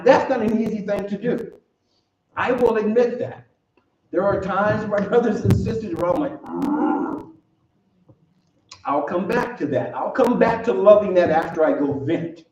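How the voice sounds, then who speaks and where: A man's voice: high-pitched, a little mellow. A man preaching a sermon to his congregation, earnest, repeating phrases for emphasis and laughing easily. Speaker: minister. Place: church sanctuary. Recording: roomy, distant, slightly dull recording.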